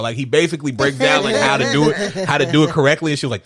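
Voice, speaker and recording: Fast-talking man in casual movie banter. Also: mid-range voice, crowd noise. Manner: fast, profane, acts out movie scenes. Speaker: podcast co-host. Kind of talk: casual movie review chat.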